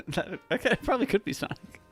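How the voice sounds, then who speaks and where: A man's voice: sits high, very animated, fairly bright tone, slightly rough. A man co-hosting a podcast, casually reading out quiz questions and laughing often. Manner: laughs often, quick and chatty. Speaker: podcast co-host running a quiz. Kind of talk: casual chat.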